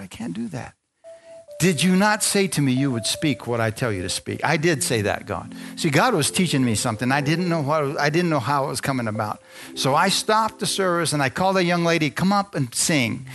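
A man preaching, telling a personal story to a congregation and acting out the dialogue in it. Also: fairly high pitch. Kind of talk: sermon testimony.

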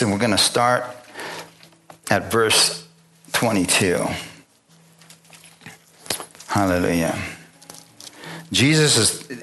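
A pastor with a lowish, pushed, bright voice preaches a sermon, retelling the story loosely and conversationally. He acts out the dialogue and often stops to restart his sentences, with a little hiss or hum in the recording.

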